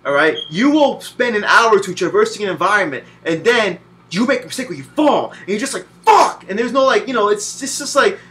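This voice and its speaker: A man in his twenties, from Puerto Rico, giving a profane, animated video game review full of cursing and mocking voices. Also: sits high, a little fast. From Puerto Rican. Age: 20s.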